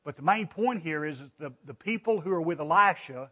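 Man, preacher, slightly high voice, folksy conversational sermon, reads scripture aloud, dull lo-fi recording. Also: fairly quick, hardly any pauses, fairly bright tone. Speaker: preacher teaching a Bible study.

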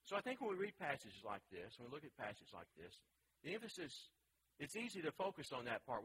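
A man's voice: medium pitch, wildly swooping pitch, fast, a bit bright, a little hiss or hum, low-quality recording. A man teaching a Bible study class, reading scripture aloud and then asking the group questions about it.

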